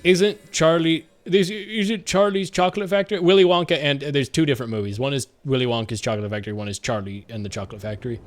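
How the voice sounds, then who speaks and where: A man's voice: a little high, fast, few pauses. Giggly, rambling young streamer man. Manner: rambling, stammering repeats, giggly. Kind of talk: casual live-stream chat while gaming.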